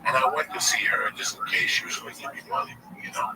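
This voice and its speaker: A man in his forties telling a long personal story as a guest, casual and profane, with animated delivery. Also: very high-pitched, fast talker. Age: 40s. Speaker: comedian guest. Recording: distant mic with loud background noise.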